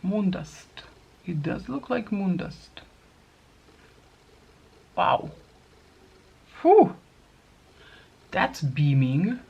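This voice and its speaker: A woman's voice: on the low side, big pitch swings, extremely slow, creaky, long pauses, husky, dull audio. A middle-aged woman chatting casually through a get-ready-with-me makeup routine, thinking aloud as she applies each product. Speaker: makeup vlogger.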